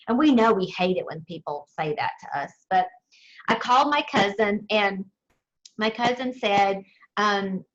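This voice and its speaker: A woman with a Southern US accent, a sales director telling her team her story in a chatty, expressive motivational talk. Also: mid-range voice, a little slow, highs cut off. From southern United States. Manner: chatty and expressive, addresses listeners as y'all.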